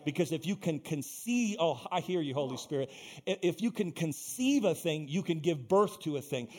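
A man's voice: on the high side, animated, normal speed, darkish tone. A male pastor preaching a sermon in a church, building into fervent, repetitive exhortation.

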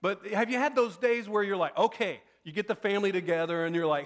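High-voiced man preaching a casual sermon. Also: quick pace, few pauses. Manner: conversational storytelling, acts out quoted lines with rising pitch. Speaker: pastor.

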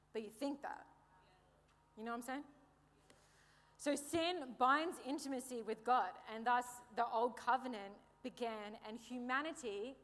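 A woman's voice: fairly high pitch, a bit bright. A woman preaching a sermon in a playful, conversational way, joking with the congregation. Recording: reverberant hall.

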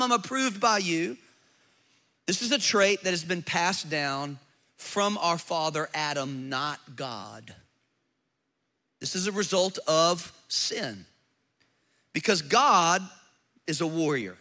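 A man's voice: sits high, unhurried, bright, forceful tone. A man preaching a sermon as pastor, emphatic and joking, with rhetorical questions to the congregation.

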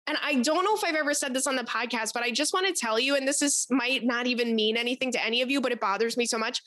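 A young adult woman hosting an advice podcast, talking in a casual, rambling way, cursing often and telling animated stories. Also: fairly high pitch, fast talker, no echo. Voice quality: animated, profane, rambling storyteller. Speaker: podcast host.

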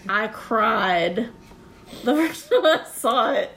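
A woman's voice: on the high side, animated, takes it slowly, vocal fry, a bit bright. Rambling, swearing woman in casual chat.

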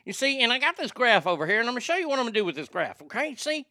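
A man doing an impression of a folksy, boastful older businessman, with a high, halting, twangy delivery. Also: very animated, bright, forceful tone, no room sound, clean studio sound, heavily acted.

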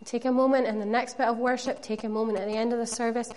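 A woman's voice: on the high side, level tone, fast, darkish tone. A woman preaching a sermon, earnest and conversational, with playful asides to the congregation.

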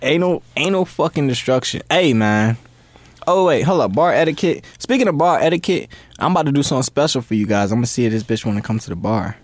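A man's voice: medium pitch, expressive, fast, no room sound. A man in casual chat, laid-back and profane, often stammering and restarting.

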